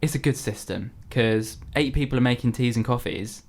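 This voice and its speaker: A man's voice: mid-range voice, normal speed. Young man telling chatty work stories. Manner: chatty storytelling, animated when quoting people. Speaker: podcast host. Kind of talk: casual chat.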